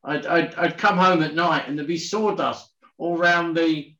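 A man's voice: fairly high pitch, steady tone, normal speed, bright, forceful tone. A man chatting casually as a co-host, reminiscing with stammered restarts. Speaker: podcast co-host. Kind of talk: casual chat. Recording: echoey, dull lo-fi room sound.

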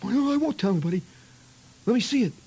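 Figure: eager teenage boy, voiced by a man. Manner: rushed, pleading. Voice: very high, husky. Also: expressive, darkish tone, exaggerated voice.

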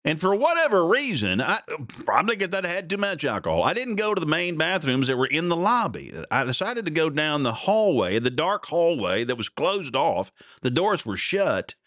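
A man's voice: on the high side, very animated, moderate pace, fairly bright tone, dry recording, studio quality. Chuckling man telling stories. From Oklahoma. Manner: self-deprecating, chuckling, restarts often. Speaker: podcast host. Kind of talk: rambling personal storytelling.

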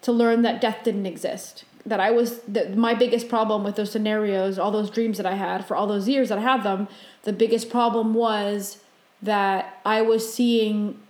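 A woman co-hosting a podcast, telling a dream story in casual chat and acting out her own panicked lines. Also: echoey room. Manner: animated retelling, voices her own panicked quotes high and fast. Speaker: podcast co-host.

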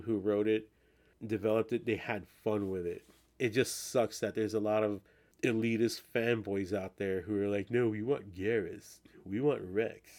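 A man's voice: on the low side, a little mellow. A man hosting a podcast in casual chat, rambling and swearing often, with many restarts. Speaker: podcast host.

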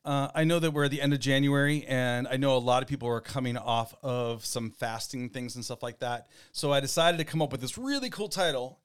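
Man, podcast co-host, smooth resonant voice, casual rambling chat, lots of ums. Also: medium pitch, a little fast, hardly any pauses. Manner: rambling, relaxed, with many fillers.

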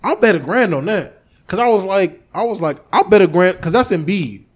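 A man hosting a podcast in casual chat, telling a story with lively energy, acting out what he and others said, and swearing freely. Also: high-pitched, a little fast. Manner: animated storytelling, acting out his own past lines, swearing freely. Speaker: podcast host.

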